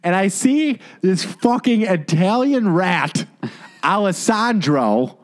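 A man's voice: sits high, lively intonation, takes it slowly. A man, co-hosting a podcast and ranting heatedly with lots of swearing. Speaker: podcast co-host.

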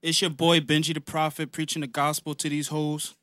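A man's voice: a little high, little pitch movement, fairly quick, pushed and bright, dry recording, studio quality. Brash young man from New York. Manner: brash, slangy, profane. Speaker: podcast guest. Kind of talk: casual chat.

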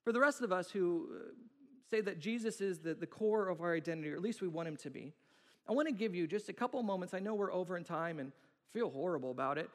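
A man's voice: sits high, lively intonation, quick pace. A man in his thirties preaching a sermon in a church, telling playful, self-mocking stories and acting out quotes. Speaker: pastor. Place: church sanctuary. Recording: long hall reverb.

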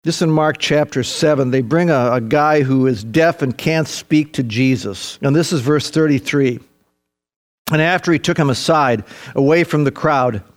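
Older male preacher, earnest and emphatic, slightly high voice, repeats for effect. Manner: earnest and emphatic, repeating key phrases, addressing listeners as folks. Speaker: pastor. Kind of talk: sermon.

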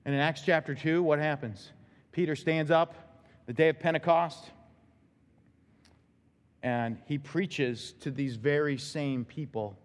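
A male pastor preaching a sermon in a church, emphatic, with sudden loud, high bursts. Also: measured pace, long pauses, in a large hall. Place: church sanctuary.

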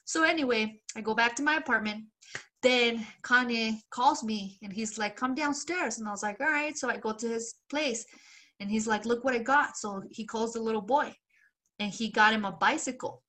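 A woman co-host telling a rambling story on a podcast in a slightly high voice. She acts out the quoted lines with lively jumps and swears casually between them. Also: normal speed. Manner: animated retelling, acts out quoted voices, laughs often; loose swearing and filler.

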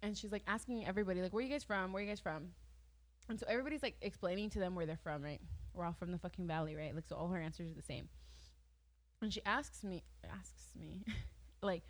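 A woman's voice: lowish voice, quick pace. A young woman in her twenties chatting casually as a podcast co-host, telling stories with lots of filler words and easy laughter. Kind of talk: casual chat.

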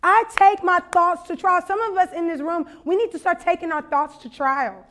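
A young woman from Louisiana speaks at a conference, her voice sitting high. She tells comic stories full of acted-out voices and laughter, then turns them into preaching. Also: moderate pace. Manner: animated, laughing, acts out voices in anecdotes. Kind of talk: storytelling sermon.

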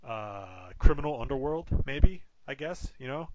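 Casting note: man co-host, lively swooping pitch, incredulous, swears, dull audio with faint hiss. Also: normal speed. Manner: animated, incredulous, swears casually. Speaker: podcast co-host. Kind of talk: casual movie discussion.

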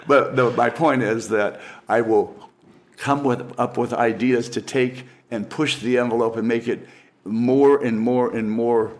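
A man's voice: mid-range voice, fairly even intonation, unhurried. An older man, a professional magician, telling stories casually in an interview, rambling with frequent restarts.

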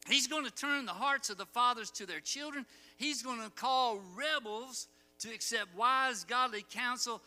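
A man preaching a sermon, telling the story with animated asides and acted-out quotes. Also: extremely high pitch, moderate pace, few pauses. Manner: animated storytelling, acts out quoted lines, chuckles. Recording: long hall reverb, faint music.

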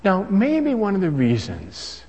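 A man preaching a sermon in an animated way, building to emphatic crescendos. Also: high voice, unhurried, breathy edge. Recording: long reverb of a large hall.

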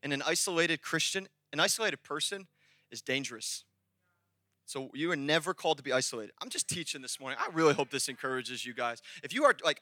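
A man preaching a sermon as pastor, animated and conversational, shouting at the high points. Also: fairly quick, dry recording, clean studio sound.

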